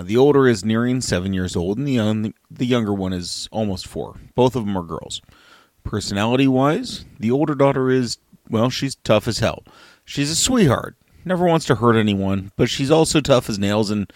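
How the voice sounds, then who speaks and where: Blunt, low-voiced storytelling man. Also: dry recording, studio quality. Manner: blunt and profane, animated. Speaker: customer service worker telling a story. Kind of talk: casual storytelling.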